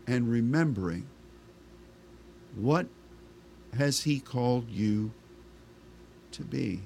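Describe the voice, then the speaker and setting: Slow-talking male pastor preaching. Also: medium pitch, lively intonation, vocal fry, warm tone, a little hiss or hum. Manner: conversational preaching with rhetorical questions. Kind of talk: sermon.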